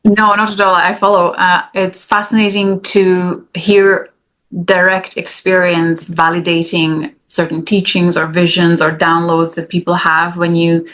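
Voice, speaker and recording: A woman hosting a podcast, responding to her guest in a thoughtful, slightly halting casual chat. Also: on the low side, flat delivery, a bit bright. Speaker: podcast host.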